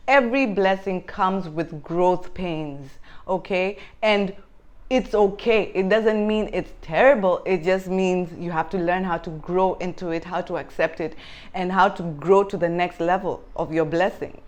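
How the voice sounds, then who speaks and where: A young woman with a somewhat low voice speaks candidly and earnestly. She gives heartfelt motherhood advice straight to her viewers in a vlog. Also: unhurried, darkish tone. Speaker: mother vlogger.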